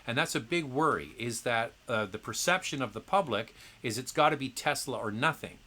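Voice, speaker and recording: Bright-voiced man chatting on a livestream. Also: medium pitch, animated, fairly quick. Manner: chatty, opinionated, frequent fillers and restarts. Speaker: host answering viewer questions. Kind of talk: casual livestream Q&A.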